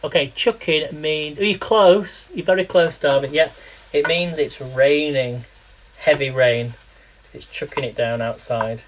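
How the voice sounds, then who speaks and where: A man's voice: fairly high pitch, measured pace, rough recording. A man from talks loosely to a live audience while he cooks. His chat rambles, often breaks into laughs, and keeps turning into little word quizzes for the viewers. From England. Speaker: live-streaming home cook. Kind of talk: casual live cooking chat.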